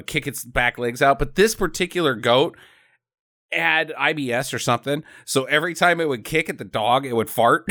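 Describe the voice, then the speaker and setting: A man's voice: medium pitch, sharp tone. A man casually recapping a movie plot with a co-host, swearing freely and laughing often. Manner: profane, laughing, joking. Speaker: podcast host.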